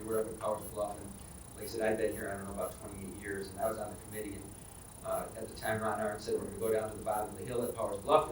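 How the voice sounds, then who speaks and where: Quick wry chairman guy wrapping up the meeting, echoey far mic, faint hum. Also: fairly low pitch. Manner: brisk, wry and joking. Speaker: board chair. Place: county board meeting room. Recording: roomy, distant meeting-hall mic.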